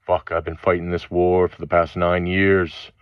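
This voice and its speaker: A man with a low, heavy voice rants through a rambling spiritual monologue, swearing angrily and stopping between phrases. The recording is dull and lo-fi, with no room sound. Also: little pitch movement, clean tone, dry recording. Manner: angry, profane ranting with halting pauses. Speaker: channel host.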